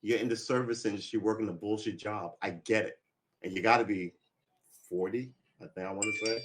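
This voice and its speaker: A man's voice: on the low side, fairly even intonation, fairly quick. A middle-aged man chatting on a casual live stream, rambling and profane with many restarts, a little tipsy from drinks. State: slightly tipsy. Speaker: vlogger.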